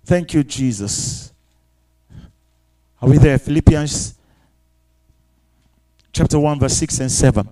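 A man's voice: fairly high pitch, slow pace, long pauses, warm tone, low-quality recording. A male pastor preaching a sermon, repeating phrases and asking the congregation rhetorical questions.

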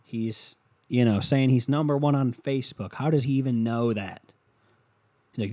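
A man's voice: mid-range voice, normal speed, mellow. A young man hosting a solo comedy podcast, rambling crudely and self-deprecatingly while acting out other people's voices. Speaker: podcast host.

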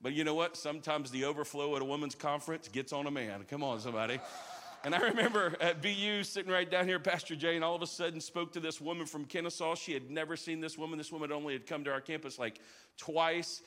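Energetic male pastor in a big church. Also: fairly high pitch, quick pace. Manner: energetic, rallies the crowd with call-outs. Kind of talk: live church sermon. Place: large church auditorium. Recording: live sermon in a big reverberant sanctuary.

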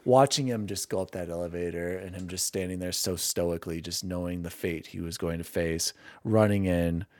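Emotional, lower-voiced male podcast host. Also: steady tone, darkish tone. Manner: emotional, self-deprecating, quick to laugh. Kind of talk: casual gaming podcast chat.

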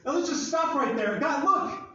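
A high-pitched man preaching a casual, joking sermon, acting out scenes from the story. He sounds far from the mic in a very echoey hall, and the sound is slightly dull. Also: lively intonation, normal speed, sharp tone. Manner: joking, conversational, acts out Bible scenes. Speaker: pastor.

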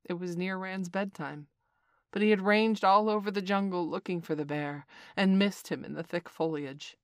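A woman narrates a storybook in an even, clear reading. Her voice sits slightly low. The recording is dry and close. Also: normal speed, no room sound.

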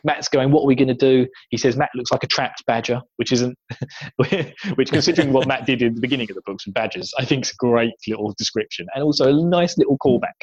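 A man's voice: medium pitch, a little fast, husky, dry recording, dull audio. An English man co-hosting a podcast, chatting casually through a book recap, laughing often and slipping into voices for the scenes. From England. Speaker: podcast co-host.

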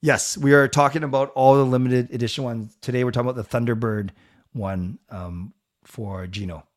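A middle-aged man hosting a live stream, reading viewer comments aloud and answering them in a relaxed, chatty way. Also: mid-range voice, normal speed. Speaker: livestream host reading chat. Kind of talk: casual chat.

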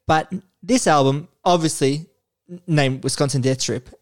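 A man with a slightly high voice, speaking at normal speed, hosts a podcast and runs a quiz for his co-host. In casual chat, he's playful, swears, and keeps calling him "mate."

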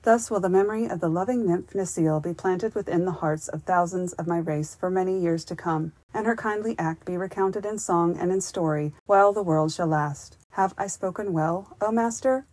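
Claus as a solemn, earnest young man, formal and grateful in tone, delivered in a lowish, dry voice with nothing echoing behind it, as a woman reads him in a storybook audiobook. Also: moderate pace, hardly any pauses, a little mellow, close to an everyday voice.

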